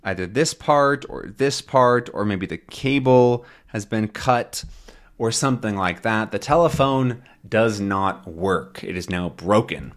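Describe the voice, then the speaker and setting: A man teaching English, slowly explaining a comic to learners in simple, repeated words. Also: fairly low pitch. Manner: slow, simple, repetitive explanations.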